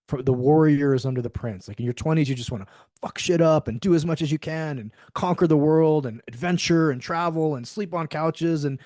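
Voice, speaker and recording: A man's voice: medium pitch, mellow, no room sound, clean studio sound. A middle-aged man talking candidly in an interview, acting out quoted dialogue with animation. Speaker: podcast guest. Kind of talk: conversational interview.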